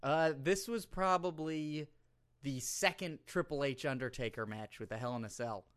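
A man's voice: fairly high pitch, normal speed, fairly bright tone. A man co-hosting a podcast, chatting casually in a rambling, jokey, self-deprecating way. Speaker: podcast co-host. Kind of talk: casual comedic chat.

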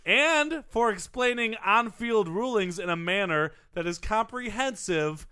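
Bright, high-voiced man reading aloud. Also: lively intonation, unhurried, clean tone. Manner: reads facts aloud with jokey asides. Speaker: podcast co-host reading a biography. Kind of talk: casual banter podcast, reading aloud.

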